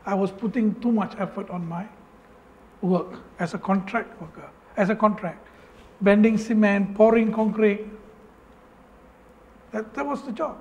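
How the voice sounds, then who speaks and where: A man's voice: high voice, a little slow, long pauses, darkish tone, muffled recording. A man from Penang with a Malaysian English accent, telling his own life story in an earnest, emotional way, often breaking off and repeating phrases. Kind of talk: personal story speech.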